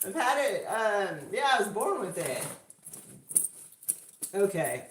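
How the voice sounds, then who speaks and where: A woman's voice: medium pitch, very animated, slow pace, fairly bright tone, a little hiss or hum. A woman chatting casually as host of a livestream from her home kitchen, rambling with lots of fillers. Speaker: live stream host.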